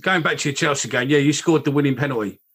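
A man's voice: fairly high pitch, fast, a bit bright, slightly rough. A man hosting a podcast, casually recounting old match details with hesitant fillers. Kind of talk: casual chat.

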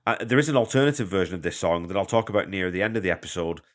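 Low-voiced man hosting a music podcast. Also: lively intonation, rapid-fire. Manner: chatty, enthusiastic, conversational with asides. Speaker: podcast host. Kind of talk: casual music commentary.

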